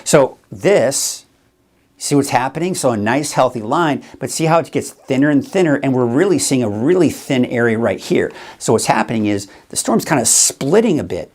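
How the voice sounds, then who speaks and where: A man's voice: medium pitch, animated, normal speed, darkish tone. A male weather forecaster hosting a live show, talking viewers through the forecast in a chatty, explaining way. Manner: chatty, explains as he goes, addresses viewers directly.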